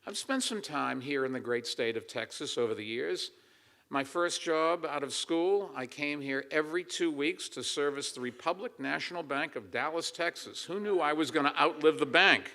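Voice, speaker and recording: A man's voice: on the high side, moderate pace, gravelly, fairly bright tone. An older man giving an emphatic campaign speech to a crowd of supporters, answering his own rhetorical questions. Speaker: political candidate. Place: assembly hall.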